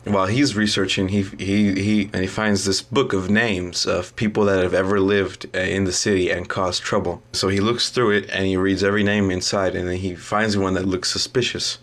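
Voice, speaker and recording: A young man, a student, casually retelling a story in a halting way, full of ums and restarts. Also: low voice, flat delivery, a bit bright. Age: young adult.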